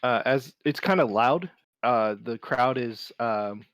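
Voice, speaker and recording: A man running a tabletop game as game master, narrating with many pauses and restarts. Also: medium pitch, expressive, fairly bright tone, no room sound. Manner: halting, many fillers and restarts.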